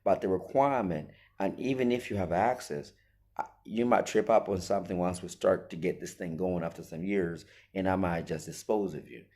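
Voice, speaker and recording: A commentator with a low, slightly mellow voice delivers an emphatic opinion monologue, packed with rhetorical questions and quotes he acts out in different voices.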